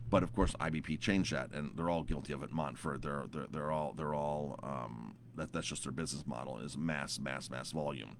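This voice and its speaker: A man's voice: rumbling low, normal speed, gravelly, few pauses, a little hiss or hum. A man in his thirties, a chef, telling a story to camera in a casual, rambling way with lots of repeated words and fillers.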